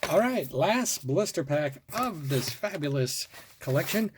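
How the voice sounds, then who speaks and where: A man's voice: on the high side, unhurried, slight background noise. Chatty man showing off toy cars. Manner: muttering softly while working, then bursting into excitement. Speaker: toy car collector and video host. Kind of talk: casual hands-on show-and-tell.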